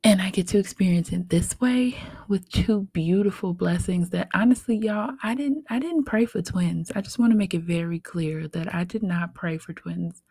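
A young woman hosting a solo podcast, talking softly and from the heart, with small laughs between her thoughts. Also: on the low side, normal speed, hardly any pauses, husky, dry recording. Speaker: podcast host. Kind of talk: reflective solo podcast talk.

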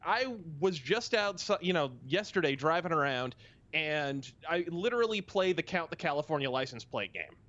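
A man's voice: a little high, animated, normal speed, fairly bright tone, lo-fi sound. A man appearing as a guest on a comedic podcast, ranting in sardonic quips. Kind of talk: casual comedic chat.

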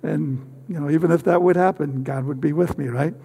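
An older man preaching a sermon with personal testimony, halting often with fillers and repeated words. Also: a little high, vocal fry, dark tone, slightly rough.

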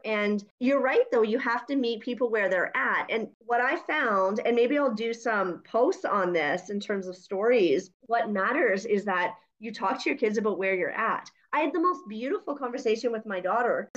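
A woman co-hosting a parenting podcast, talking in an earnest, reflective way in casual chat. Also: fairly high pitch. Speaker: podcast co-host. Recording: dull, lo-fi sound.

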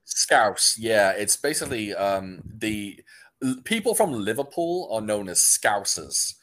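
A man's voice: fairly low pitch, sing-song, measured pace, a bit bright. A British man chatting casually as a podcast co-host, rambling with restarts and easy laughs. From Britain. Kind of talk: casual chat.

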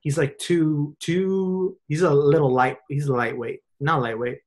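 Animated young man in casual chat. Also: fairly high pitch, a little slow. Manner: animated, slangy, puts on voices for fun.

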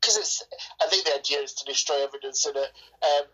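An Englishwoman chats about a film in a casual review, blunt, enthusiastic, and swearing freely. Her voice is low, fast, sharp, and slightly rough, captured on a low-quality recording.

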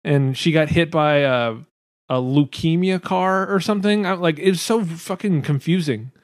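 A man in his thirties hosting a casual podcast chat, telling stories in a profane, animated way, laughing often. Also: fairly high pitch, moderate pace, no echo, studio quality.

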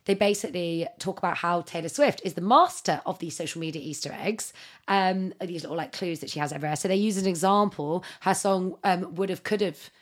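A woman's voice: fairly low pitch, a little fast. A woman co-hosting a podcast, chatting casually and rambling with many fillers. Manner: rambling, lots of fillers and likes. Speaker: podcast co-host. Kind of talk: casual chat.

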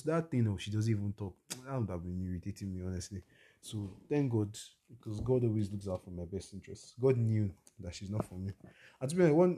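A man's voice: sits low, dark tone, breathy edge. A young man, telling a personal story on his podcast in a blunt, opinionated way. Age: young adult. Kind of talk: casual storytelling monologue.

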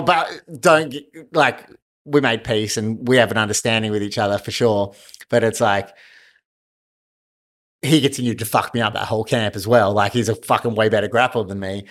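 A man telling a fight story in a casual chat, swearing and laughing often. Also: lowish voice. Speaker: guest, martial arts fighter.

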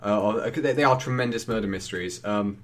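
A man with a lowish voice co-hosts a film review podcast, talking fast and casually. He rambles, often restarts his sentences, and laughs easily.

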